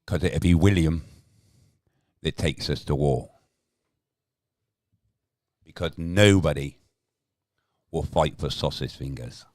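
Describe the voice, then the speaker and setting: A man's voice: a bass voice, slow, pauses often, a little mellow, no echo, studio quality. A man, bluntly arguing with his chat on a casual livestream and swearing now and then. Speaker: livestream host.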